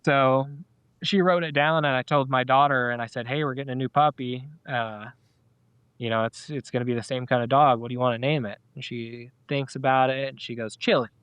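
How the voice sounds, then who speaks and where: A middle-aged man recounts a personal story as a podcast guest, wandering through it with fillers and false starts. His voice is smooth and clear, middle in pitch. The sound is close and dry, with no room around it. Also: steady tone, fairly quick, a bit bright, no room sound, muffled recording. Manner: rambling, with many fillers and restarts. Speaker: podcast guest, dog owner. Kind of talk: casual storytelling interview.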